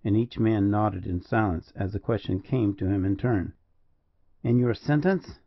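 A man giving a measured, dramatic audiobook narration. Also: lowish voice, steady tone, gravelly, lo-fi sound. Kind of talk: scripted narration.

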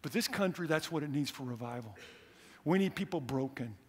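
A middle-aged man preaching a sermon as a visiting missionary, telling stories in an animated, earnest way. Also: medium pitch, fairly quick, breathy edge. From United States. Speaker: missionary speaker. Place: church hall. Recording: echoey church hall.

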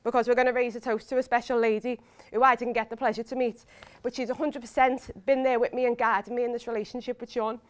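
Clear-voiced bride, higher pitch. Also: female voice, level tone, quick pace, hardly any pauses. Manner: emotional, laughing between lines. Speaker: bride giving a wedding speech. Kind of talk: heartfelt wedding speech. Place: hotel wedding reception.

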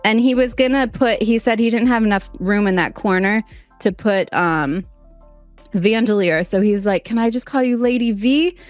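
Casual female vlogger, excitable and gushing, voice pitched a bit high, soft music underneath. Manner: bubbly, gushing, quick pitch jumps when excited. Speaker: streamer and vlogger.

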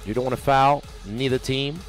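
A man giving live basketball play-by-play, excitable and rising to shouts on big plays. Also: medium pitch, moderate pace, soft background music. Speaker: play-by-play commentator.

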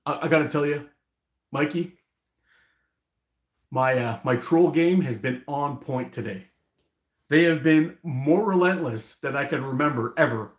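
A man's voice: on the high side, unhurried, long pauses. Rambling man chatting in an echoey room. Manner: rambling, laughs often, swears freely. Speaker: live-stream host. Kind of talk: casual live-stream chat.

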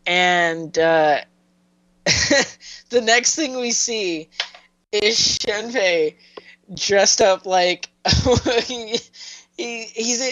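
On a laid-back review podcast, a co-host rambles through plot recaps packed with filler words. He sounds high-pitched and a bit bright, and the recording is rough.

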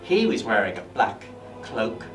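An actor playing a dry-humoured male Grim Reaper in a stage monologue, low and wry. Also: very animated, a little slow. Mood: deadpan. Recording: distant echoey stage with music.

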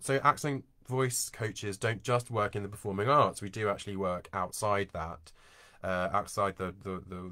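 A man's voice: fairly low pitch, a bit bright, no room sound, clean studio sound. A man, working as a voice and coach, giving an informal online teaching talk and explaining with everyday examples. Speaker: voice and accent coach.

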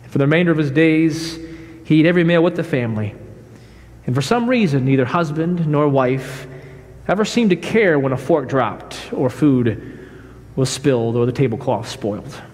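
A man preaching a sermon as pastor, emphatic, swinging from shouts to hushed, quiet lines. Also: a little high, moderate pace, long reverb tail. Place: church sanctuary.

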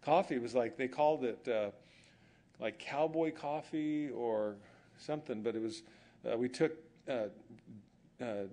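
A man's voice: mid-range voice, unhurried, pauses often, dark tone. Joking storyteller man preaching. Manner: storytelling with humor, acts out quoted dialogue. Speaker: pastor. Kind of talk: sermon.

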